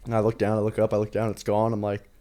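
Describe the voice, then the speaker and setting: A young man hosting a podcast, chatting casually with joking, quick banter. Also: lowish voice, completely flat delivery, mellow. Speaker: podcast host. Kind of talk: casual chat.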